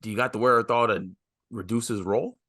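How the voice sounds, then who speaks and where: A young man co-hosting a casual sports podcast, skeptical and quick to push back on his partner. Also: medium pitch, fairly even intonation, sharp tone, dry recording, studio quality. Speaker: podcast co-host.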